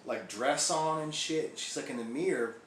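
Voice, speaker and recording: A man's voice: medium pitch, normal speed, fairly bright tone, lightly acted. An actor playing a crude, foul-mouthed male biker gang member who rambles through a comic monologue in an echoey room. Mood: crude ranting. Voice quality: profane, rambling storyteller. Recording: echoey room, faint background hiss.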